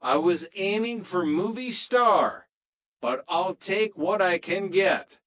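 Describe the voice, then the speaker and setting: A man's voice: high voice, expressive, slow, a bit bright, full character voice. A man voicing an easygoing young male roommate in a storybook reading, with wry, self-mocking lines.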